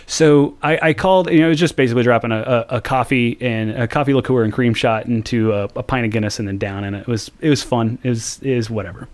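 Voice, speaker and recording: Profane, animated American podcast host. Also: male voice, medium pitch, quick pace, hardly any pauses. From United States. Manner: animated storytelling, frequent swearing. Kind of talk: casual profane podcast chat.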